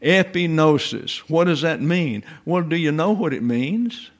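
A man's voice: a little high, expressive, measured pace. A man teaching the Bible to a class, stressing Greek words, asking rhetorical questions and often restarting his sentences. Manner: emphatic, repeats words and stresses Greek terms.

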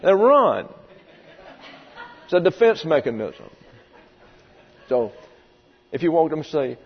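At a measured pace, a man with a husky, somewhat high and animated voice preaches an expository sermon as a pastor. He is emphatic and vivid, acting out quoted voices at times. The reverberant hall recording sounds dull and lo-fi, with mains hum.

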